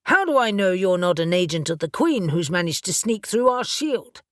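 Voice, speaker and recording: A woman voicing a gruff, suspicious winged male warrior angel who talks bluntly in an audiobook. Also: lowish voice, big pitch swings, moderate pace, no room sound, studio quality.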